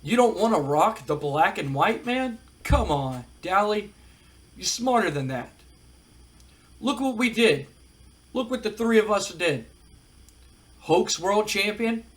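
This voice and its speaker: A man's voice: high-pitched, lively intonation, slow pace, pauses often. A man voicing a laid-back, mocking male wrestler who drawls and coaxes, calling everyone man. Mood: mock hurt. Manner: drawling, coaxing, keeps saying man.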